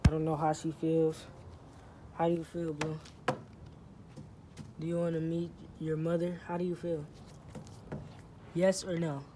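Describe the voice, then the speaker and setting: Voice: mid-range voice, level tone, measured pace, long pauses. Joking vlogger in a noisy outdoors. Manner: joking, playful, slangy. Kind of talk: casual vlog talking to camera. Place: outdoors in sun, near a truck.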